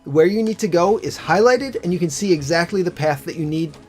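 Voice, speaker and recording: Young man, let's play co-host, casual game chat, animated, faint music behind. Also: high-pitched, fairly quick. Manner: animated, swears casually, rambling restarts.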